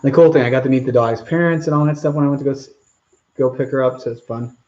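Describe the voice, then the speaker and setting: A man's voice: medium pitch, steady tone, fast, darkish tone, highs cut off. Rambling man hosting a live Q&A. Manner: rambling, casual, reads out viewer comments. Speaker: channel host. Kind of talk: live stream Q&A chat.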